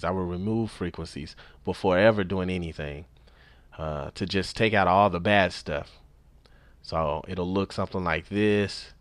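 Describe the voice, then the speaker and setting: A man's voice: low voice, dry recording. A man giving a casual spoken tutorial, laid-back and explaining step by step, often repeating a point to make it stick. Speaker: instructor.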